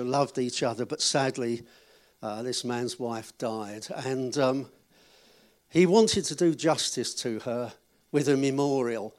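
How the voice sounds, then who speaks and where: A man giving notices at a church gathering and then telling a short joke, in a chatty, friendly way. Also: medium pitch. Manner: chatty, friendly announcer, joking with the audience. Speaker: event leader giving notices.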